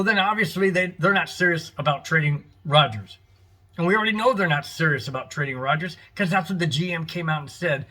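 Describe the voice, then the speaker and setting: Angry, husky-voiced man ranting about football. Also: on the high side, sharp tone. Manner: angry, frustrated, emphatic. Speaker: fan podcast host. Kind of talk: opinionated sports rant.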